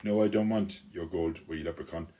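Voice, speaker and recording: A man's voice: low-pitched, a little fast, warm tone, natural voice. A man voicing a cheerful young boy who talks in a friendly, teasing way in a storybook.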